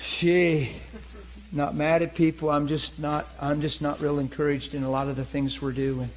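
Guy preaching, tells stories, does the voices, gets loud n laughs, a bit high-pitched. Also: moderate pace, a little hiss or hum, poor audio. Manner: animated, laughing, acts out voices in his story. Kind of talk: storytelling sermon. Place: church meeting before a crowd.

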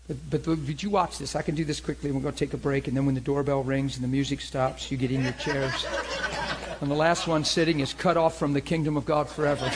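A man preaching in an animated storytelling style, checking in with his listeners with frequent asides. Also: a little high, noisy background. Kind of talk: sermon-style teaching.

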